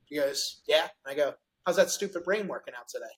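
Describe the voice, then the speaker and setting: A middle-aged man hosting a podcast, telling a story in a lively, animated way and acting out the people he quotes. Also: on the high side, fast, rough recording. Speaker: podcast host. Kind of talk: casual interview storytelling.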